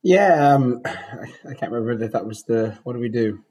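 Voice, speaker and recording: A former goalkeeper in his forties from Bristol, England, tells stories in a rambling, casual interview, restarting often, in Bristol English. His mid-range voice is expressive, dark, and husky at normal speed. The recording quality is low.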